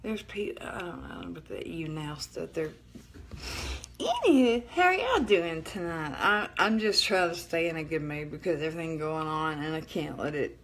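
A woman's voice: low-pitched, very animated, normal speed, fairly bright tone, slight background noise. A middle-aged woman with a northeast Alabama Southern accent, chatting casually on a live stream from home, rambling and cutting herself off, laughing often. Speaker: livestream host. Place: at home at night.

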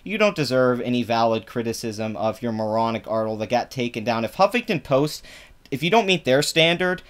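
A man's voice: animated, brisk. A man ranting in a mocking, profane commentary, reacting to posts online. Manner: mocking, profane, loud swings in pitch. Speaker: political commentary vlogger.

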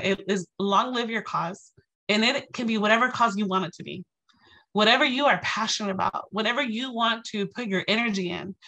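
Bright, animated woman telling a story. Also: mid-range voice. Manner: animated, conversational, tags phrases with "right?". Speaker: guest speaker. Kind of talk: storytelling lecture.

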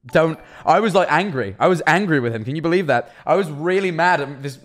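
Young guy streaming from his kitchen, kinda high voice, rambles through stories, reads chat out. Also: fairly quick. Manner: rambling, animated storytelling, reads chat aloud. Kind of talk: casual live-stream chat. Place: kitchen at home.

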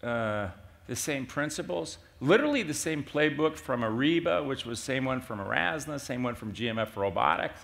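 An older man, a company CEO, speaking at a conference fireside chat and telling animated stories with acted-out dialogue. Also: medium pitch, moderate pace, gravelly. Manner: animated storyteller, acts out quoted dialogue. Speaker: CEO being interviewed. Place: conference stage.

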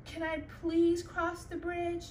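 A woman's voice: completely flat delivery, takes it slowly, darkish tone, a little hiss or hum. Woman playing a nervous middle billy goat. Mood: pleading. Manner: high, eager, pleading. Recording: roomy echo.

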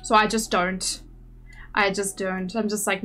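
A woman's voice: medium pitch, level tone, a little slow, sharp tone. A young woman streaming from home, chatting casually with viewers in a bubbly, self-deprecating, giggly way. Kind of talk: casual live-stream chat.

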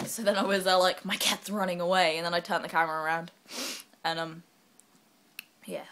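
A young woman vlogging casually while she is unwell, rambling and self-deprecating with quick asides. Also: on the low side, little pitch movement, fairly bright tone, a little hiss or hum. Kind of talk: casual vlog chat.

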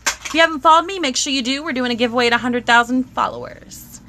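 Young woman on a live stream, bright voice, chatty and excitable. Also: high voice, fast talker, a little hiss or hum. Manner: bubbly, greets viewers, squeals with excitement.

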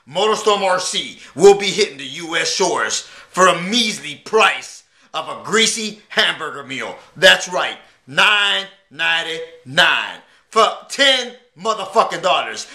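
A man hosting his own channel, delivering a loud, profane and emphatic promotional rant with repeated call-and-response lines. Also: sits high. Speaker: channel host. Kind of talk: hyped promotional rant to camera.

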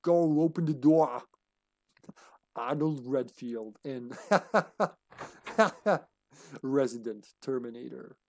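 A man's voice: medium pitch, expressive, extremely slow, long pauses, no echo, studio quality. A man streaming a video game live, chatting casually, giggling often and talking to the game and his cat. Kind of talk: casual gaming commentary.

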